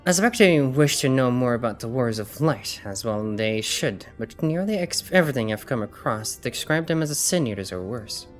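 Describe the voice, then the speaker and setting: A woman's voice: a bass voice, expressive, moderate pace, few pauses. A woman reading as a formal fantasy scholar. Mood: earnest. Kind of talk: reading game dialogue aloud. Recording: music behind.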